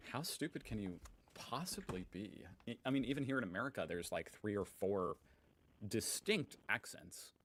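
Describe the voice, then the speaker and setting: A man's voice: lowish voice, a bit bright, a little hiss or hum, low-quality recording. A young man hosting a reaction video, reading posts aloud with sarcastic, amused commentary. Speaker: host.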